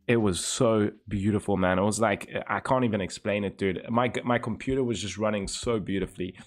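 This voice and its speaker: A man's voice: medium pitch, fairly bright tone. A young man streaming live, chatting casually and teasingly with his viewers and swearing freely. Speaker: livestreamer.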